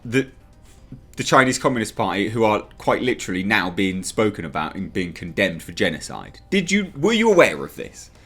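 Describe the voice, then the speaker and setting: A man's voice: lowish voice, big pitch swings, moderate pace, a bit bright, breathy edge, soft background music. A man ranting in a commentary vlog, sarcastic and exasperated, slipping into mocking voices. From United Kingdom. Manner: sarcastic, exasperated, mocks others in put-on voices. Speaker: commentary vlogger.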